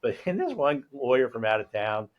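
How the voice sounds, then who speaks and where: A middle-aged man hosts a casual chat and tells lively, anecdotal stories. He talks at an everyday male pitch with an easy, conversational flow. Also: a little fast, dull audio. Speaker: host.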